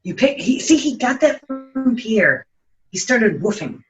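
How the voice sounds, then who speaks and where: A man's voice: very high voice, sing-song, takes it slowly, a bit bright, faint music behind, poor audio. A man chatting casually through a home cooking vlog, making joking asides and talking to his cat in his kitchen. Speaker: home cook vlogger.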